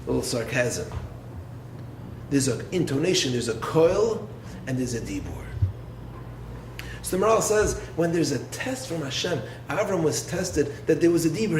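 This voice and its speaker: A man with a fairly high voice delivers a Torah lecture as a rabbi. He asks rhetorical questions and swings his delivery between low, hushed lines and lifted, emphatic ones. The sound is roomy and echoey, with a faint hiss of background noise. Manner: expressive, rhetorical questions, dips low then rises. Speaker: rabbi and yeshiva head.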